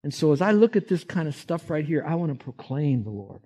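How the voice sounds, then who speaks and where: A male pastor preaching a sermon in an emphatic, animated way, sometimes drifting off the mic. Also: a little fast. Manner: emphatic preaching, voices quoted figures with rising pitch.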